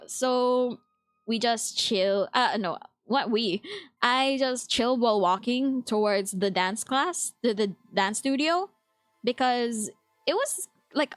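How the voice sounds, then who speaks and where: A chatty young woman with a Filipino accent, talking casually to her live chat and laughing often. Her voice sits a little high. The sound is dry and close, with faint music playing behind her. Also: dry recording. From Philippines. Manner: chatty, quick to laugh, reads chat aloud. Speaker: VTuber streamer.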